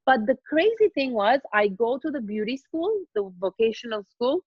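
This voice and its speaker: A middle-aged woman, a podcast guest telling a personal story in a lively, laughing way, often repeating and restarting her words. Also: on the high side, normal speed, husky, dry recording, highs cut off. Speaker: master trainer, podcast guest. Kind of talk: casual storytelling chat.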